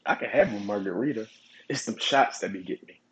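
A man hosting his own podcast, telling stories in a relaxed, profane way and chuckling often. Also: lowish voice, fast talker, slight background noise, low-quality recording. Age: adult. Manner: laid-back, profane storytelling with chuckles. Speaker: podcast host. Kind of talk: casual solo podcast monologue.

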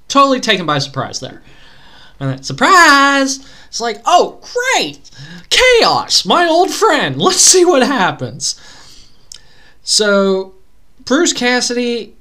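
Man, podcast co-host, rambling solo chat, excitable, breaks into pleading outbursts. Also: high voice. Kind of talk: casual solo sports chat.

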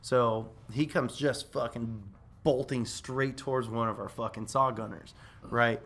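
A man casually telling a war story on a podcast, profane and animated, laughing as he goes. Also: mid-range voice, unhurried. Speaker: veteran storyteller.

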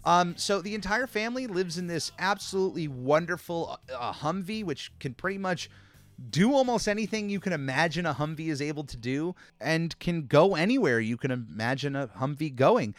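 A man's voice: on the high side, dry recording. A man talking casually as a host about old cartoons, chatty with frequent fillers and restarts. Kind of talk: casual commentary.

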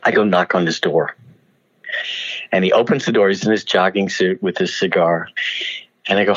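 A man telling anecdotes as an interview guest, animated and often laughing as he acts out what people said. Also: low voice, moderate pace, pauses often, highs cut off. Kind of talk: storytelling interview.

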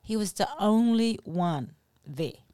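A woman co-hosting a podcast, telling stories in an animated, earnest way with simple phrasing. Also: medium pitch, slow pace, dry recording. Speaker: podcast co-host. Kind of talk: casual chat, storytelling.

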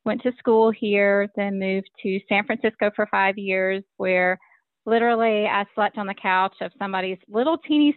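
A woman's voice: medium pitch, dry recording. Woman from Alabama, podcast guest, friendly and upbeat; tinny, dry phone-line sound. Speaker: podcast guest, legal marketing professional. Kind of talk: casual interview chat.

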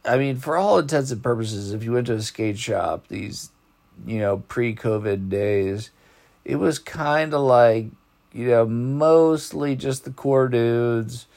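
A man's voice: mid-range voice, slow pace, creaky, darkish tone. A man hosting a podcast in casual chat, rambling in laid-back slang and yawning as if sleepy. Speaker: podcast host.

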